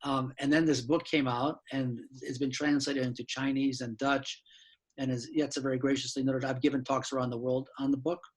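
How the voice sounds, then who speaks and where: A man in his sixties, a law professor and author, giving a frank, blunt talk with mild swearing and quick asides, from his apartment over a video call. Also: medium pitch, flat delivery. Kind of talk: candid lecture-style talk.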